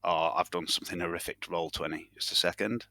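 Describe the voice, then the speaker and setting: A man's voice: deep voice, steady tone, fast, sharp tone, dry recording. A man playing a tabletop game, muttering to himself as he rolls dice. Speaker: player. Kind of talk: casual tabletop play.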